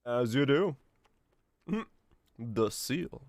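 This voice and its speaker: A man's voice: mid-range voice, drawn-out words, no echo, clean studio sound. Laid-back male streamer humming along. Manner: relaxed, hums to himself, chuckles. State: voice a bit off today. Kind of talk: casual gameplay commentary.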